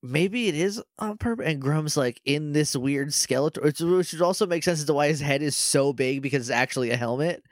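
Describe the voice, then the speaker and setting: A man's voice: fairly high pitch, brisk, few pauses, no room sound, studio quality. A man co-hosting a podcast, casually and animatedly retelling a TV episode and acting out the characters' lines. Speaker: podcast co-host. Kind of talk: casual chat recapping a TV episode.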